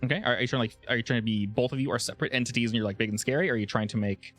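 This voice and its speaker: Relaxed male game master. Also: medium pitch, very fast, soft background music. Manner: relaxed, with frequent restarts and fillers. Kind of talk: narrating a tabletop game.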